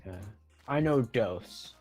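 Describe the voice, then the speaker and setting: A man's voice: mid-range voice, lively intonation, slow, a little mellow, faint music behind. A young man chatting on a gaming stream, playful and goofy, poking fun at himself. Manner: playful, goofy, self-mocking. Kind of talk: casual gaming chat.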